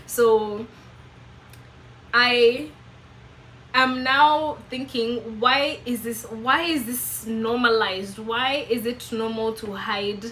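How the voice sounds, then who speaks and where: A woman's voice: a little high, extremely slow, pushed and bright, slight background noise, low-quality recording. A young woman with a Kenyan accent talking earnestly to camera in a reflective personal vlog, asking herself question after question. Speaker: vlogger.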